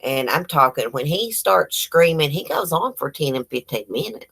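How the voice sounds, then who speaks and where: A woman, chatting casually on a livestream and telling animated stories full of quoted dialogue. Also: low-pitched, normal speed, vocal fry, breathy edge. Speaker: livestream host.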